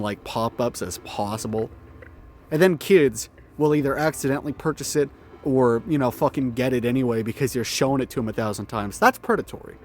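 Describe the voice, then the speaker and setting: Profane, out-of-breath man ranting. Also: medium pitch. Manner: profane, swears freely, self-interrupting with laughs and asides. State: out of breath from the cold. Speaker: commentary video host. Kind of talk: ranting video-essay commentary. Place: outdoors in the cold.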